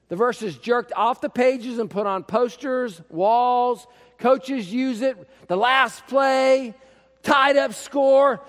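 A man preaching a sermon as pastor, emphatic, repeating key phrases and swinging from quiet talk to shouting, in a church sanctuary. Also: extremely high pitch, takes it slowly. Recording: long hall reverb.

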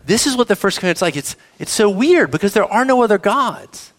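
A man delivers a sermon in a high voice that leaps up and down. He reads scripture aloud and keeps turning to the congregation with questions, speaking to the kids as well. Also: fairly quick. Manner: animated preaching, asks the audience questions, addresses kids. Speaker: pastor.

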